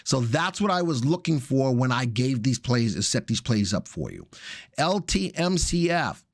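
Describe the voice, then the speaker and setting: A man's voice: mid-range voice, sing-song, a little slow, dry recording, clean studio sound. A man hosting a live stock market update, talking through charts in a casual, chatty way with jokey asides. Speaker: stock market analyst host.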